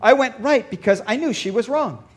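A male pastor preaching a sermon, telling a story and dropping to a soft voice for emphasis. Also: very high-pitched, animated, brisk. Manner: storytelling, varies loudness for emphasis.

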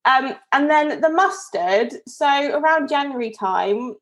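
A woman's voice: high voice, expressive, moderate pace, fairly bright tone, husky. A woman co-hosting a podcast, telling a story in a chatty, rambling way with frequent laughs. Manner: chatty, rambling, self-interrupting, laughs often. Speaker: podcast co-host. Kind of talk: casual storytelling chat.

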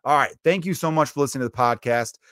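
A man's voice: medium pitch, fast talker, fairly bright tone, no echo, studio quality. A young man hosting a solo podcast, talking casually and bluntly, with plenty of swearing as he tells a story. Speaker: podcast host.

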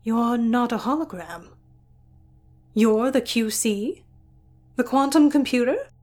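A woman's voice: on the high side, takes it slowly, a little mellow. A woman playing an irritable, prim scientist who speaks in a clipped, indignant way.

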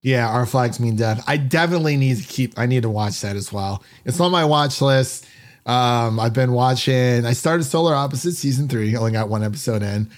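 A man's voice: medium pitch, moderate pace. A man hosting a film podcast in a casual, upbeat chat, full of fillers and restarts. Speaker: podcast host.

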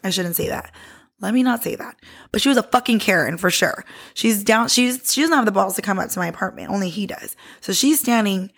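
A woman podcast host telling a personal story in a casual, candid, heavily profane way, animated and lively. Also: medium pitch, brisk, breathy edge.

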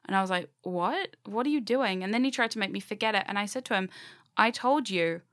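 A woman's voice: mid-range voice, a bit bright. A young woman telling a personal story in casual, rambling chat. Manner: chatty, rambling, quick asides with laughs.

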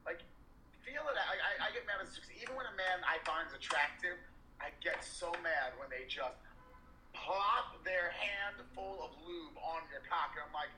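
A man's voice: a little high, a little fast, bright, forceful tone, roomy sound, slight background noise, low-quality recording. A man co-hosting a podcast, talking in a candid, rambling and emphatic way, with frequent swearing and restarts. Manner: rambling, emphatic and profane, with many restarts and fillers. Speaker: podcast co-host. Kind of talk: candid casual chat.

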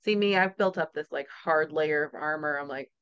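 A woman's voice: sits low, moderate pace, a bit bright, clear, resonant tone, muffled recording. A woman hosting a podcast, talking casually and often laughing, with chatty storytelling asides. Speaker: podcast host. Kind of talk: casual interview chat.

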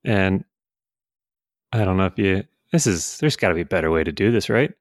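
A man's voice: low voice, expressive, a little fast, no echo. A man running a casual livestream, chatting and cracking dry, teasing jokes with friends. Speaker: streamer, co-host.

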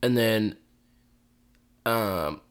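A man's voice: fairly low pitch, animated, very slow, smooth. A man co-hosting a casual podcast chat, swearing freely and telling anecdotes with quoted voices. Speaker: podcast co-host.

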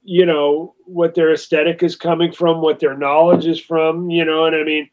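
A man's voice: a little high, little pitch movement, moderate pace, a little mellow. A man in a casual chat about music, rambling through his points and teasing the others. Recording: slightly muffled audio.

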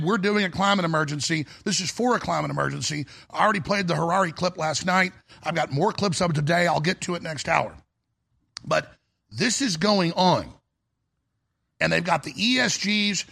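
Gravelly, raspy man ranting urgently. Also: sits high, bright, forceful tone. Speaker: host. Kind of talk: talk radio monologue.

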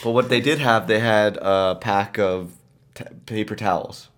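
A man's voice: lowish voice, a little slow, a bit bright. A man co-hosting a podcast, telling stories in casual chat full of fillers and restarts. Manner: rambling storyteller, frequent fillers and restarts. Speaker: podcast co-host.

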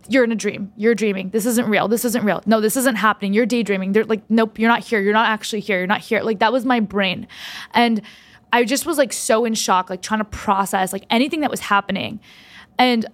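Young woman rambling through a heartfelt story. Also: medium pitch. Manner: rambling, heartfelt, halting with many restarts. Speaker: podcast host. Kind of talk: casual podcast storytelling.

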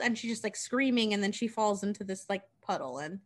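A woman's voice: mid-range voice, animated, brisk, few pauses. A woman casually retelling a story, chatty and profane, with lots of "like.". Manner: chatty, profane, filler-heavy.

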